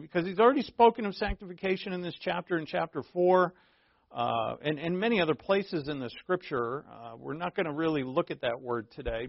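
A pastor gives a sermon in a conversational teaching style, adding asides, correcting himself, and slowing down to emphasize key words. His pitch is fairly high, and the recording is dry, dull and lo-fi.

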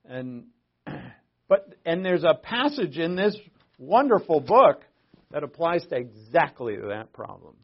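A man teaching a Bible study in a conversational way, with offhand asides, swinging between loud emphasis and quiet remarks. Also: fairly high pitch, very animated, slow, breathy edge. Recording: dull lo-fi recording.

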